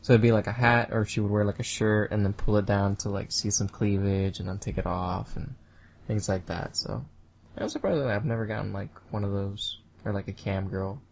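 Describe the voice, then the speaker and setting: Super low voiced woman rambling on a chill podcast, lo-fi sound. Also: steady tone, brisk, darkish tone, a little hiss or hum. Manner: rambling, mocking squeaky put-on voices. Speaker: podcast co-host. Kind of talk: casual stoner chat. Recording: dull lo-fi sound.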